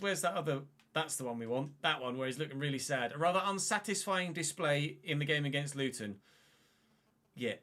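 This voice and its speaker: A man live-streams a football video game, chatting and commentating on his own play with quick, excited outbursts. His voice is a little high.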